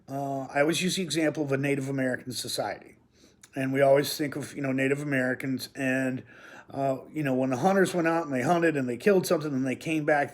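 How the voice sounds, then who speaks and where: Chatty man teaching from home. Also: fairly high pitch. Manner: rambling and chatty, with joking asides. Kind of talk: informal recorded lesson. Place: at home near his kitchen.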